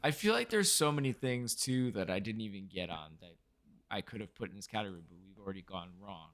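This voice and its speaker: A man co-hosting a film review podcast, chatting casually and chiming in with quick agreements. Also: fairly low pitch, expressive, fairly bright tone. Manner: chimes in with short agreements and laughs. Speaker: podcast co-host.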